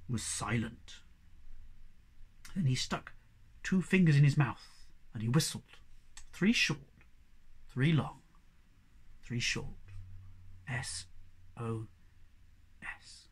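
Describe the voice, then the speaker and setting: A man narrating a children's storybook in an expressive, animated way. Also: mid-range voice. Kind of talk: storybook reading.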